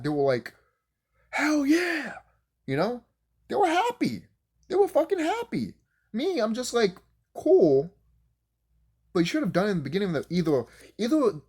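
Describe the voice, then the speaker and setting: A man's voice: high voice, darkish tone, husky. A man ranting casually about video games, heated and sarcastic, swearing often and repeating himself. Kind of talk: casual rant to camera.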